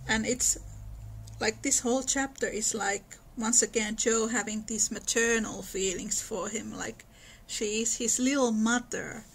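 Woman on a book podcast, kinda gravelly and high, says like a lot. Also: steady tone, unhurried, slight background noise, rough recording. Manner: thoughtful, with many "like" fillers. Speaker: podcast co-host. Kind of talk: casual chat and reading aloud from a novel.

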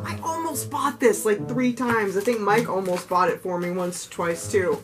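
A young woman vlogging as she unboxes gifts, gushing, gasping and squealing with excitement. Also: mid-range voice, a little slow. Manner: gushing, squeals and gasps often, lively and giddy. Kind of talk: excited casual unboxing chat. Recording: music playing underneath.

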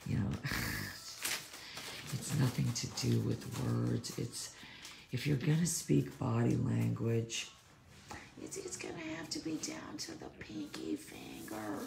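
A very deep, heavily gravelly woman talks casually about training dogs, rambling from one point to the next in a lively, swooping voice. She is recorded in an echoey room with clear background noise. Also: slow. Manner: rambling, animated, acts out quoted voices. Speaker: dog trainer. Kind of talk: casual livestream chat.

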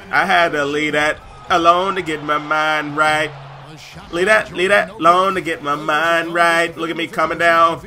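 A man giving excited gameplay commentary over a basketball video game and yelling on big plays. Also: a little high. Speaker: gaming YouTuber.

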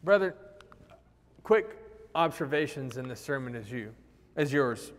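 A man preaching a sermon in a conversational, animated way, acting out the quoted lines. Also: medium pitch, unhurried. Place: church sanctuary. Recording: long hall reverb.

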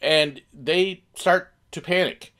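A man casually telling a funny family story, animated and acting out the quoted bits. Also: on the high side, takes it slowly.

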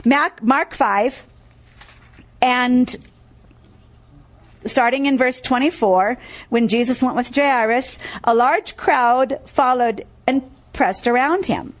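Lady preacher, high voice, repeats stuff a lot and keeps asking the crowd "what?". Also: slow, long pauses. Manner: emphatic, repeats key phrases, quizzes listeners with "what?"; tells stories and reads scripture aloud. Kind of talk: sermon.

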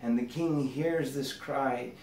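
Rabbi telling a parable in an echoey room. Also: male voice, mid-range voice, slow. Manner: gentle storytelling with a parable. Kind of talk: spoken meditation teaching. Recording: roomy echo, distant mic, faint noise.

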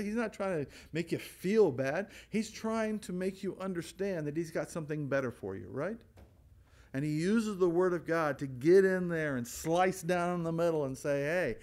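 Man, pastor, Bible study teaching, high voice, lively swooping pitch. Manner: animated, asks rhetorical questions and answers them; acts out voices in quotes, laughs often.

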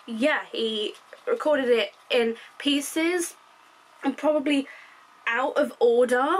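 A woman's voice: high voice, slightly rough, rough recording. A young woman, reacting to music in a rambling, candid way, tired and emotional. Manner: chatty, rambling, self-correcting. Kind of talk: casual reaction commentary.

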